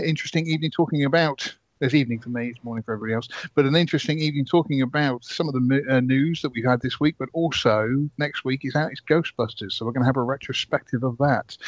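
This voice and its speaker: A man's voice: medium pitch, fast talker, no room sound. A man with an English accent hosting a podcast, chatting casually and laughing often. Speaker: podcast host. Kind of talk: casual chat. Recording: slightly dull lo-fi sound.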